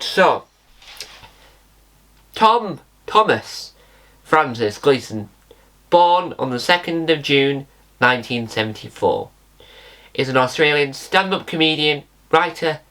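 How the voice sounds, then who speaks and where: This channel host is a British man whose medium-pitched voice is a bit bright. His solo commentary is casual and rambling, with self-corrections and words spelled out.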